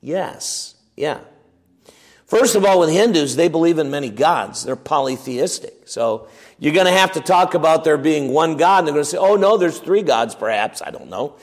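A pastor with a fairly high, expressive voice preaches at a moderate pace in a conversational, teaching style. He asks his listeners questions and often restarts with fillers and repeated words, and the audio has a long reverb tail.

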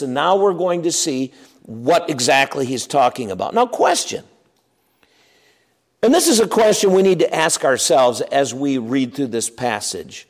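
A man preaching an expository sermon as pastor, emphatic and animated, acting out objections and dropping to quiet asides. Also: high-pitched. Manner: animated, emphatic, swings between loud and quiet; acts out quoted objections.

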